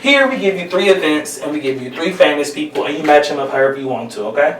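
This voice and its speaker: Playful male host with a high voice, recorded in a roomy space away from the mic. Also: expressive, quick pace, fairly bright tone, distant mic. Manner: playful, laughs often. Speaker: podcast host. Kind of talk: casual chat.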